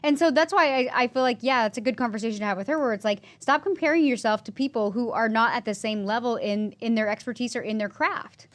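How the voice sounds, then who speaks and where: A middle-aged woman hairstylist co-hosting a podcast, speaking in quick, emphatic bursts with lots of restarts. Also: on the high side. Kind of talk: casual podcast chat.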